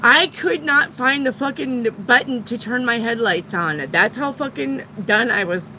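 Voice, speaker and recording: A middle-aged woman with a bright, forceful voice pitched a little high, chatting casually and swearing freely as she rambles through a personal story. Her storytelling is blunt and unpolished. A soft hum of noise sits behind her. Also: a little slow, poor audio. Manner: frank and profane, rambling retelling. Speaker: tarot reader.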